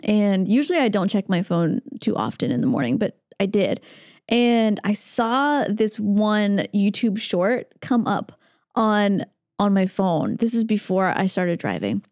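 A woman's voice: mid-range voice, animated, measured pace, a little mellow, no echo, clean studio sound. A woman co-hosting a casual spiritual chat, telling an emotional story with many fillers. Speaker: podcast co-host.

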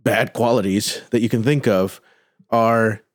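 A man who produces a podcast, explaining a point in a measured way as he thinks aloud. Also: lowish voice, steady tone. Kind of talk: explaining in casual chat.

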